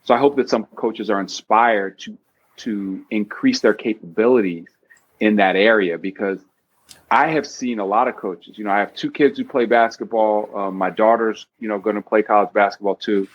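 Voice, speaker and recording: Earnest low-voiced man on a podcast. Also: moderate pace. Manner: earnest, reflective, quotes from the book. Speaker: podcast guest, author. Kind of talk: casual podcast discussion. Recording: dull lo-fi podcast audio.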